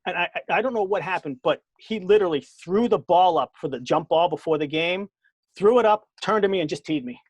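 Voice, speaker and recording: A man with a Boston accent, a former basketball coach, talking as a guest in a casual podcast chat, animated and laughing often, stumbling over repeated words. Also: high voice, fairly quick, breathy edge, dry recording. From Boston area.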